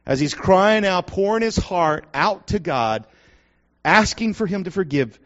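A man preaching a sermon, swinging dramatically between hushed and loud. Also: high-pitched, expressive, unhurried. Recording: lo-fi muffled recording.

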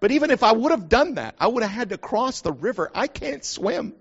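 Middle-aged man, very high voice, folksy preacher telling stories, dull lo-fi recording. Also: very animated, fairly quick, breathy edge. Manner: folksy storyteller, acts out quotes. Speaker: pastor. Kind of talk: sermon with personal story. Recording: dull lo-fi sound.

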